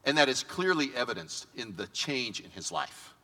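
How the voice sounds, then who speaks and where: A male pastor preaching a sermon to his congregation, lively and joking, talking straight to the people in front of him. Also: mid-range voice, moderate pace. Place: church sanctuary. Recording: long reverb of a big church hall.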